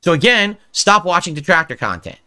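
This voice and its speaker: A man's voice: sits high, big pitch swings, fairly quick, bright, forceful tone, smooth. A middle-aged man on a livestream, reading viewer suggestions aloud and answering them in an irritated, mocking rant. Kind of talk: livestream commentary.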